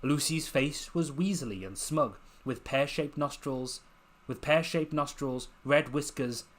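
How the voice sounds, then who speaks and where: Man reading his novel aloud, measured. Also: mid-range voice, fairly bright tone. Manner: slow, measured dramatic reading. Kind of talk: scripted narration.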